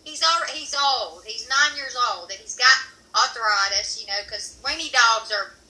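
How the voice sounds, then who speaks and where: A middle-aged woman guest in a casual chat, animated and laughing often. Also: a little high, measured pace, echoey room.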